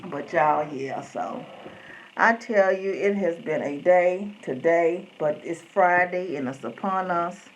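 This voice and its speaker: A woman's voice: on the low side, takes it slowly, slight background noise, poor audio. A middle-aged woman, hosting a rambling live-stream chat and greeting viewers by name. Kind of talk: casual chat.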